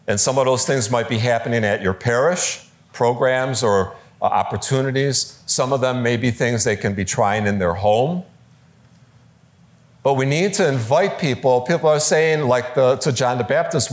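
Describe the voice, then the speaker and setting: A man giving a conversational talk on preaching to a live audience, lively, with fillers and quoted voices, in a large room. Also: mid-range voice, moderate pace. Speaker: speaker teaching preachers.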